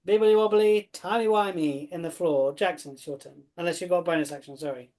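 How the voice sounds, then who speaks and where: A woman's voice: fairly low pitch, fairly quick, dark tone. A woman narrating as game master, playful and often laughing.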